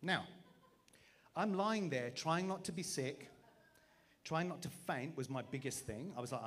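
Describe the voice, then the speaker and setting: A man in his forties tells a comic personal story as a preacher. He pitches his voice a little high and bounces between his own narration and acted-out voices, laughing at himself as he goes. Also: a little slow, long pauses. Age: 40s. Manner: animated, self-mocking storyteller acting out voices. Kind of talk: storytelling sermon.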